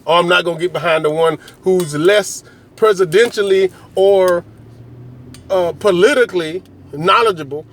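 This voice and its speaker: A high-pitched man riffs through a comedic monologue. He rambles, swears freely and keeps jumping into mocking asides.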